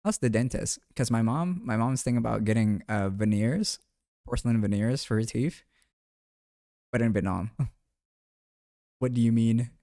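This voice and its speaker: A man's voice: medium pitch, moderate pace, pauses often, warm tone, dry recording. Chatty young man streaming, dry sound. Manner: loose and chatty, swears, laughs often. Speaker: live streamer. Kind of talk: casual live-stream chat with viewers while gaming.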